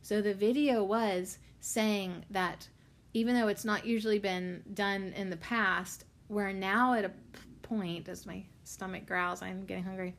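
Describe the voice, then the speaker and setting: A woman with a gravelly, fry-tinged voice talks through a casual spiritual podcast episode. She is candid and emotional, swearing freely as she chats. Her pitch sits in the middle range. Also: fairly even intonation, measured pace. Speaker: podcast host.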